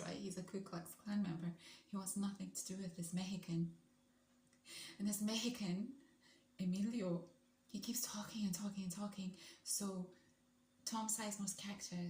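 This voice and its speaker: A woman vlogger chatting casually to her viewers, often dropping into hushed whispered asides. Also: fairly low pitch. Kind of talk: casual reaction chat. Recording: roomy room with faint background noise.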